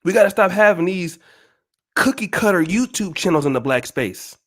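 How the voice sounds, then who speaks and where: A man's voice: sits high, expressive, moderate pace, fairly bright tone. A man hosting his own channel, ranting at viewers in an emphatic, profane, repetitive, preachy way. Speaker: channel host.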